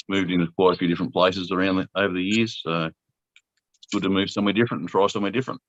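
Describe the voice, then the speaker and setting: A man's voice: low-pitched, fairly bright tone, no room sound, muffled recording. A middle-aged Australian man hosting a casual video chat, easygoing and chuckling. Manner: easygoing, laid-back, chuckling. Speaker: host.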